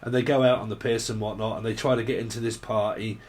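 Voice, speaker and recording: A man's voice: fairly low pitch, fairly even intonation, fast, a little mellow. A man giving a casual tarot reading, rambling and jokey, with frequent laughter. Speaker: tarot reader.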